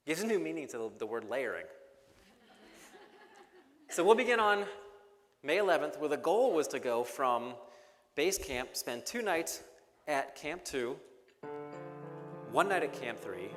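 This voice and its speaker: A young man gives a keynote, mixing tense storytelling with wry jokes. His mid-pitched voice rings with the long reverb of a large banquet hall. Faint music sits under the speech. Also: fairly bright tone. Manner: humorous, dramatic storytelling with jokes. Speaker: keynote speaker.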